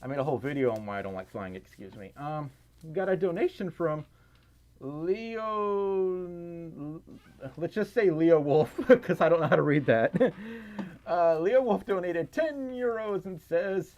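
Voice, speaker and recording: A young man chatting on a livestream, reading out donations in an excitable, giggly, rambling way that keeps running him out of breath. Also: on the high side, a little slow. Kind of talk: casual livestream chat. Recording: slightly dull lo-fi stream audio.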